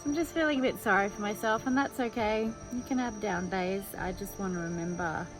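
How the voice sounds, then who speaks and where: A woman's voice: mid-range voice, fairly quick, poor audio. Vlogger, woman, chatty and candid, music and crickets underneath. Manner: chatty and open, thinking aloud. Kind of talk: candid personal vlog.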